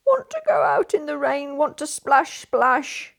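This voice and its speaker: A woman's voice: sits high, big pitch swings, a little slow, vocal fry, a bit bright, pitched above the performer's own voice, full character voice. A woman voicing a cross, grumbling little girl with a cold in a children's story. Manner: whiny, growly.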